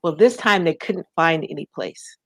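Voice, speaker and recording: Fields: Sex: woman. Role: interview guest. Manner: animated storyteller. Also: low-pitched, moderate pace, dry recording. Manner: animated storyteller, acts out quoted voices, fights back tears. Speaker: guest, nonprofit founder.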